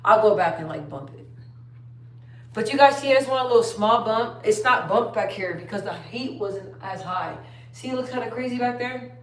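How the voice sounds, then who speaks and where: A woman's voice: fairly high pitch, lively intonation, moderate pace. A young woman chatting casually on a phone live stream, rambling and trailing off. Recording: roomy echo.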